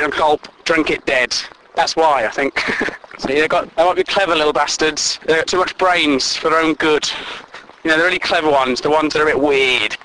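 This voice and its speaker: Sweary chuckling man, bright voice. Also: fairly high pitch, slight background noise, rough recording. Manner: sweary, self-amused, chuckling at own jokes. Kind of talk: rambling comic monologue.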